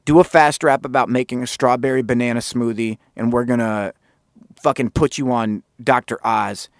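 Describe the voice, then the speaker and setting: A man hosting his own podcast, telling a story in a casual, animated way and swearing freely. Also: mid-range voice, moderate pace, dry recording, studio quality. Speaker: podcast host.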